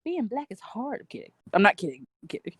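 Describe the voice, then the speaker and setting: Lively woman joking on a podcast, dry sound. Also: a little high, fast talker, husky, no echo. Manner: joking, self-teasing, bursts of laughter. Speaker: podcast co-host. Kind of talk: casual chat.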